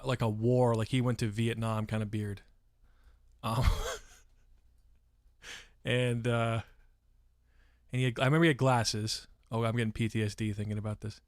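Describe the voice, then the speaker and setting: A man's voice: medium pitch, no echo, clean studio sound. A man from San Francisco telling a story on a live stream, rambling and swearing freely and breaking off to answer chat. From San Francisco, USA. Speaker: livestreamer.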